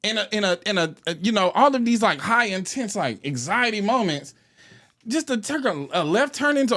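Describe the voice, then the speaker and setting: Animated man ranting on a podcast. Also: high voice, moderate pace. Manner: animated, profane, laughs often. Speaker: podcast co-host. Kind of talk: casual comedic chat.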